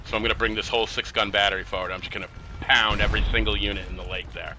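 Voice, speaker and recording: A man's voice: fairly low pitch, fairly even intonation, racing, background noise. A man giving casual, chatty commentary on a strategy game he is playing, with exasperated, sarcastic asides. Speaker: gameplay commentator.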